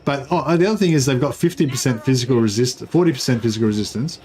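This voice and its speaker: A man's voice: medium pitch, fast, a little mellow, a little hiss or hum. Rambling male game streamer. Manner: rambling, filler-heavy, explains game mechanics. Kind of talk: casual live-stream commentary.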